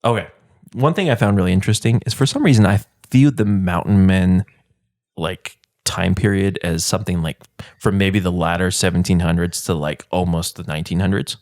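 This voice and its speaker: A man's voice: low-pitched, fairly quick, darkish tone, dry recording, studio quality. A man co-hosting a casual podcast, leading the topic in a rambling way with lots of "like" and "I mean". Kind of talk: casual chat.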